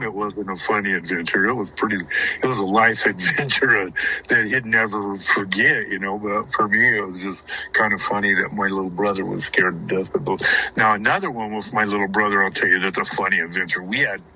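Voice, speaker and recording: A man's voice: on the low side, steady tone, a little fast, bright, forceful tone, slight background noise, rough recording. A man, a guest on a show, telling hunting stories in a rambling way, repeating words and chuckling. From Arizona. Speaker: guest, houndsman. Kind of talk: casual storytelling.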